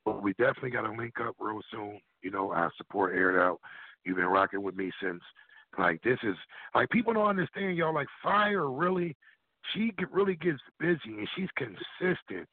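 Man guest, blunt, profane, gravelly, husky, tinny phone line. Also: mid-range voice, lively intonation, moderate pace, dry recording. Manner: blunt, profane, acts out quotes. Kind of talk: casual radio chat.

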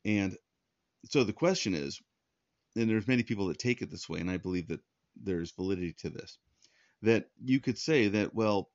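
A low-pitched man delivers an earnest, conversational sermon and often circles back to restart his sentences. The sound is dry and close, with a slightly dull, lo-fi tone. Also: lively intonation, normal speed, long pauses, a little mellow, dry recording. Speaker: pastor.

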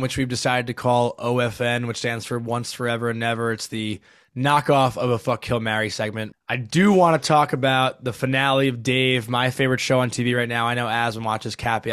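A man's voice: mid-range voice, fairly even intonation, brisk, no room sound. Co-host, male, mid-range voice, loose filler-heavy chatter, dry close mic. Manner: rambling, filler-heavy, trails off softly. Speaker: podcast co-host. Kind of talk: casual chat.

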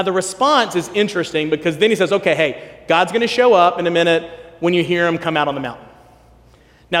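Animated high-voiced male preacher in reverb. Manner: animated, acts out quotes, drops to soft hush for emphasis. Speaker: pastor. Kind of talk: sermon. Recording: long hall reverb.

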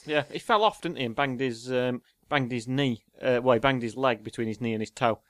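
A man's voice: medium pitch, fairly quick, dry recording, clean studio sound. A man co-hosting a casual chat, answering quiz questions while thinking aloud with hesitations. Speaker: podcast co-host.

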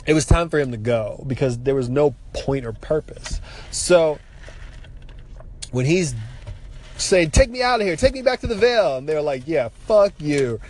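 A man giving a casual, animated spoken recap of a TV episode, exasperated and swearing freely. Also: mid-range voice.

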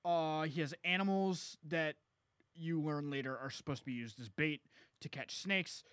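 A man's voice: on the high side, fairly even intonation, moderate pace, a bit bright, clear, resonant tone, no room sound. A young man co-hosting a casual movie podcast, laid-back and methodical as he recaps plots, swearing now and then. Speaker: podcast co-host. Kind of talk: casual movie-review chat.

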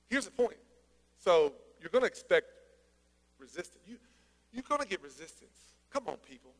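A man preaching a sermon, energetic and conversational, with joking asides. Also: high voice, fairly quick. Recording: long hall reverb.

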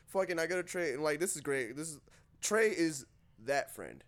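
A young man with a fairly high voice tells a party story in casual talk, speaking briskly and animatedly. He swears a lot and laughs throughout the telling.

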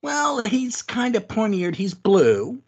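A man's voice: high voice, big pitch swings, slow pace, a little mellow, slightly rough. A man co-hosting a podcast in casual chat, adding joking, sarcastic asides. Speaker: podcast co-host.

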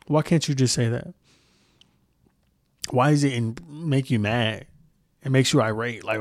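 A man's voice: mid-range voice, unhurried, long pauses, no room sound, clean studio sound. A man hosting a solo podcast, ranting heatedly and with heavy profanity, often restarting sentences as he searches for words. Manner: heated, profane, repeats himself. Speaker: podcast host.

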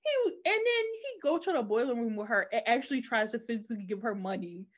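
Fast-talking with a fairly high pitch, this woman animatedly retells a TV show episode in casual conversation. She performs the characters' lines, giving the quotes different voices.

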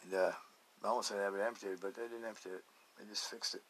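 Guy with a bright punchy voice rambling on his podcast, folksy and jokey, laughs a lot. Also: lowish voice, steady tone, very fast. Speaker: podcast host. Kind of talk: casual rambling monologue.

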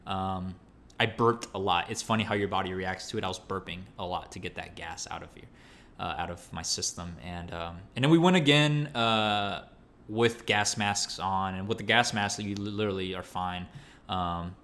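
A young man telling a story in casual, animated speech, full of slang, fillers and restarts. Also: on the low side. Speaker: storyteller recounting training.

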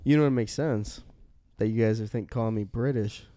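A man's voice: on the low side, brisk, warm tone. A young man co-hosting a podcast, rambling in casual banter with crude words and many fillers. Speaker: podcast co-host.

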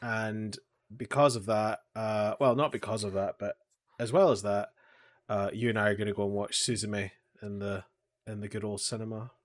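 A man co-hosting a casual podcast chat, talking in a halting way with many fillers and restarts, often chuckling through his stories. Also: fairly low pitch, fairly even intonation. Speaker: podcast co-host. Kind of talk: casual chat about anime and pop culture.

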